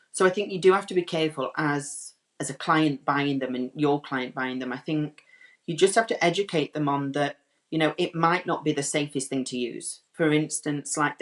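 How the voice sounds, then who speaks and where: A man's voice: on the high side, fairly bright tone. A British hairdresser chatting as a guest, rambling and filling his answers with ums and likes. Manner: chatty, rambling, many fillers. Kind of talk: casual interview chat.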